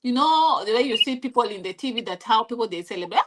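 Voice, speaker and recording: A young woman from Kenya with a Kenyan accent, telling her story in a casual interview, animated, with many restarts and bits of Swahili. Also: a little high, fast, very noisy. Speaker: interview guest.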